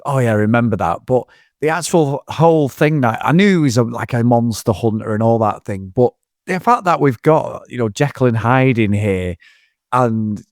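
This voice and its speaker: A man's voice: medium pitch, moderate pace, no room sound, clean studio sound. Rambling man reviewing a film. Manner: rambling, animated, swears freely. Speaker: podcast co-host. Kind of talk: casual film review chat.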